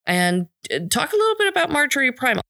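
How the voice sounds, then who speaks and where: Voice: sits high, big pitch swings, fast, vocal fry, pushed and bright. An interviewer asking a theater guest about her career, with short encouraging replies. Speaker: interviewer host. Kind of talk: casual interview conversation.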